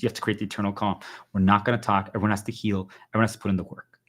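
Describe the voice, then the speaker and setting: A man's voice: fairly low pitch, steady tone, racing, fairly bright tone. A male livestreamer giving an urgent, insistent motivational monologue to his viewers, hammering points home with repeated phrases.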